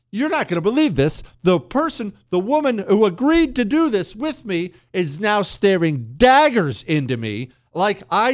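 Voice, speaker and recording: A male talk show host delivers his monologue with a sarcastic, storytelling edge. His pitch swings widely as he builds each point. The studio sound is close and dry. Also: no echo.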